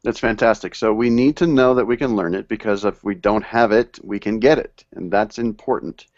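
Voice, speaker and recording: A man's voice: fairly low pitch, normal speed, a little mellow, no room sound. A man hosting a live video call interview, summarizing the guest's points and encouraging them. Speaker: show host. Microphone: video call mic. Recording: muffled lo-fi video call audio.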